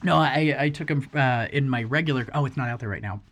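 A man's voice: mid-range voice, fast talker, fairly bright tone. Profane, rambling man telling stories. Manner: rambling, profane storytelling with acted-out quotes. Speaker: tattoo shop owner and podcast host. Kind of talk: casual podcast chat.

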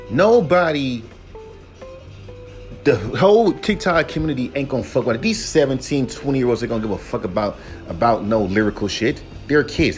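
A young man hosting a solo podcast, ranting heatedly and profanely, sometimes mocking the people he criticizes in put-on voices. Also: medium pitch. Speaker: podcast host.

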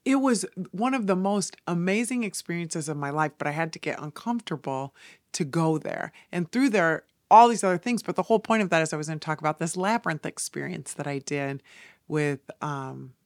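A woman hosting a podcast, telling a story in a casual, animated way and slipping into soft whispered asides. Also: sits low, fairly quick, no room sound, studio quality. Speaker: podcast host and salon owner.

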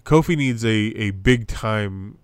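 Low-voiced young man rambling casually. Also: takes it slowly, clear, resonant tone, no room sound. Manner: rambling, lots of fillers and restarts. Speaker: podcast co-host. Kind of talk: casual wrestling review chat.

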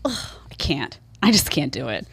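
Animated, sarcastic woman from New York. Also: low-pitched, brisk. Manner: sarcastic, animated, mocking impressions. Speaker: podcast host. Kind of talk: opinionated podcast commentary.

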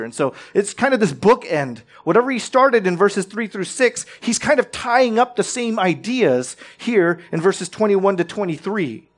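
A man's voice: high-pitched, sing-song, moderate pace, hardly any pauses. A man preaching a sermon in a conversational teaching manner, often checking in with his listeners and restarting his phrases.

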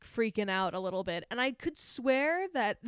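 Smooth-voiced young woman, laid-back podcast chat. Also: a little high, animated, measured pace, fairly bright tone, dry recording, clean studio sound. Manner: laid-back, joking, filler-heavy. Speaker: podcast co-host. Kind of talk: casual chat recapping a film.

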